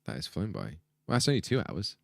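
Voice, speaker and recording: Stream host, man, low voice with lively swings, dry close sound, friendly. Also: quick pace, creaky, no room sound. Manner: friendly, thanks viewers for donations. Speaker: band member hosting a live stream. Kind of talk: casual stream chat.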